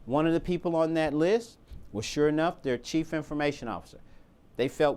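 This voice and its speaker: A man's voice: fairly high pitch, a little fast, darkish tone, clear, resonant tone. A man giving an emphatic training talk to volunteers, firing off rhetorical questions and repeating his key points.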